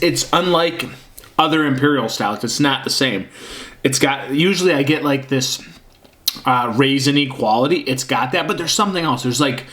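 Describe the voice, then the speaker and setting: A man's voice: medium pitch, a bit bright. A man casually reviewing a beer on camera, rambling and hunting for words with lots of fillers. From Michigan.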